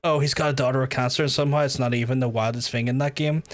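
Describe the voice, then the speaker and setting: A man's voice: medium pitch, steady tone, rapid-fire. A man in a casual gaming livestream who rambles and swears often while he talks to chat. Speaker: gaming streamer. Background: game music.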